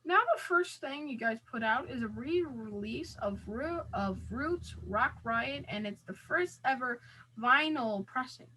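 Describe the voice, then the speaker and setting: Playful, teasing woman host of a casual interview; her voice is a little high and bright. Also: lively intonation, measured pace, slight background noise.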